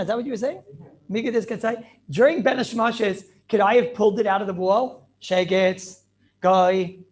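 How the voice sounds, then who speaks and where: A man teaching an animated Torah class over a video call, firing questions and mixing in Hebrew and Yiddish terms. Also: sits high, slight background noise. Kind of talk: lively online Torah class.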